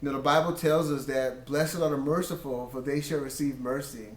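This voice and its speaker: A man's voice: medium pitch, fairly even intonation, a little fast, roomy sound. A man sharing a casual Christian testimony about his marriage in an earnest storytelling way, quoting himself and his wife.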